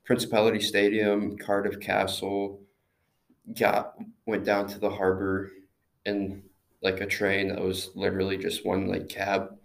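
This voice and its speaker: Slow, gravelly young man. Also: low voice, completely flat delivery. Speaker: student in a group discussion. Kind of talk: casual chat.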